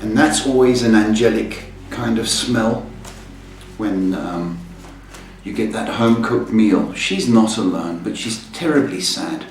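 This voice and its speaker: Brief: male psychic host, unhurried and cheeky, mic a way off in an echoing room with music under. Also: on the low side, animated. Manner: cheeky, teasing banter. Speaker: psychic tarot reader, host. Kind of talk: live call-in reading show. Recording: roomy echo, far from mic, music behind.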